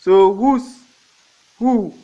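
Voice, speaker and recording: On a dull lo-fi recording, a man with a high, mellow voice teaches a grammar lesson. He works slowly through examples, repeats each one, and asks his own questions before answering them.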